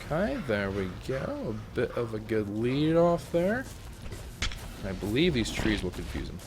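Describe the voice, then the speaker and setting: Young man, gaming commentary, lively swooping pitch, excitable and jokey, faint background hum. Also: unhurried. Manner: excitable, jokey, talks to the animals. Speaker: gaming YouTuber. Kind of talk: let's play commentary.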